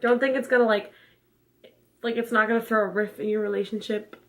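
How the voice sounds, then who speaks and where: A young woman chatting casually on her vlog, talkative and quick to laugh. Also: fairly high pitch, steady tone. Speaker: vlogger. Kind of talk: casual chat.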